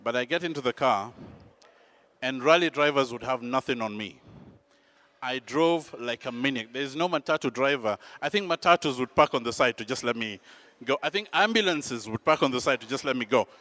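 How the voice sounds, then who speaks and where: Animated male storyteller. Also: medium pitch, fairly quick. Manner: animated, dramatic, self-mocking. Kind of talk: personal storytelling.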